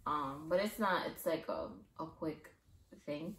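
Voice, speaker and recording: A woman's voice: sits low, measured pace, fairly bright tone, echoey room, low-quality recording. A young woman co-hosting a casual chat, blunt and cursing freely, with many fillers. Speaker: co-host. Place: shared home.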